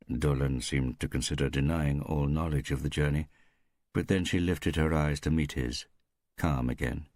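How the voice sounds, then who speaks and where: A male narrator with a very deep voice reads a crime story in a steady, unhurried way. The sound is close and dry, with no room in it. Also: dry recording. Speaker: audiobook narrator. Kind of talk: scripted narration.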